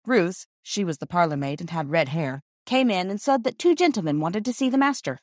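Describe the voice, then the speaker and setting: In clean studio sound with no room noise, a woman with a lowish voice narrates a classic children's book. She works from a script, as an audiobook narrator, storytelling in a measured, expressive way.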